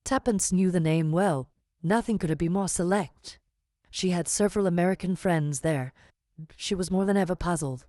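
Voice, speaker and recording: Low-voiced woman narrating an audiobook. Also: normal speed, dark tone, no room sound, clean studio sound. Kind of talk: scripted narration.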